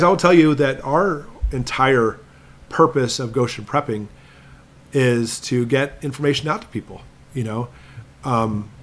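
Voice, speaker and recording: A man hosting a live question-and-answer stream, talking at a medium pitch. He lectures emphatically and slows down hard when he wants a point to land. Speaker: prepping channel host.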